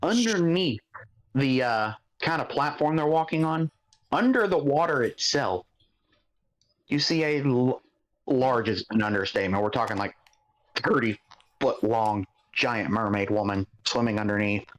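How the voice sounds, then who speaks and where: A man's voice: mid-range voice, expressive, unhurried, rough recording. Casual man narrating as game master. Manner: casual, descriptive, a little rambling.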